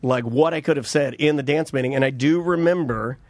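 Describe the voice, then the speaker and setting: A man's voice: mid-range voice, brisk, darkish tone, dry recording, clean studio sound. A man in his thirties, co-hosting a podcast and telling a rambling, joking family story with many restarts. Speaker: podcast co-host. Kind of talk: casual chat, storytelling.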